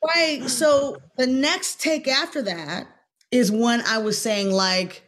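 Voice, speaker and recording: A middle-aged woman, a guest actress in a podcast interview, telling a story in a lively way and bursting into loud acted-out quotes. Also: on the high side, slow pace.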